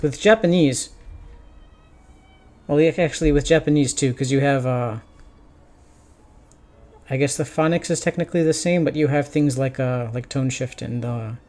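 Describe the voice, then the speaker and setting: A man streaming his Japanese study, sounding out practice sentences slowly with many restarts and chatting casually between them. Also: a little high, darkish tone.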